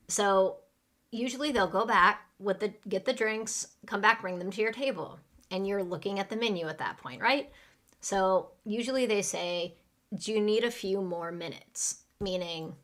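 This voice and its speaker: During a live English lesson online, the teacher acts out what a server would say, leaving gaps for her students to repeat. She's clear and patient, with an ordinary mid-range pitch and a fairly bright tone.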